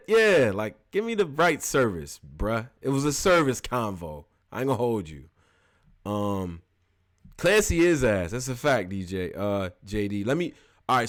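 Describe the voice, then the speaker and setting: A man in his early thirties hosting a live call-in show, telling animated, slang-heavy stories and then sliding into loose, mumbled housekeeping. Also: smooth. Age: early 30s. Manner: animated slangy storytelling, switches to loose low-key housekeeping. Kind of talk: casual live call-in monologue.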